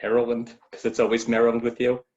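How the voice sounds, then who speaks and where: A man's voice: mid-range voice, completely flat delivery, fast talker, darkish tone. Laid-back wisecracking man, muffled sound. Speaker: podcast guest. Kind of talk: casual podcast chat. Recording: slightly dull, muffled sound.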